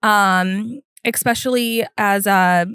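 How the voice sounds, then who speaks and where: A woman in her forties, a co-parenting mom, talking reflectively in casual chat with many pauses and fillers. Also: mid-range voice, a bit bright, smooth, no room sound, clean studio sound.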